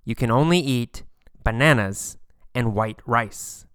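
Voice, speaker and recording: A man voicing a calm, reassuring male doctor, slow and clearly spoken. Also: mid-range voice, no echo, clean studio sound.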